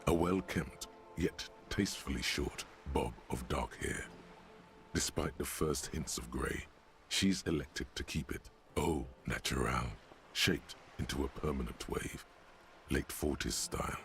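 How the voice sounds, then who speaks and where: A very deep sardonic game narrator. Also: male voice, measured pace, fairly bright tone, a little hiss or hum, exaggerated voice. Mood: mocking. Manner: dry, sardonic, descriptive. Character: deep-voiced omniscient male game narrator, wry and mocking.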